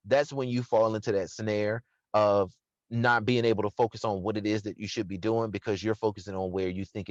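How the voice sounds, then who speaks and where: A man, an interview guest who owns a restaurant, talking in an earnest, reflective way with bursts of lively laughter. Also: fairly low pitch, no room sound. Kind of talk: casual conversational interview. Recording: slightly dull, dry sound.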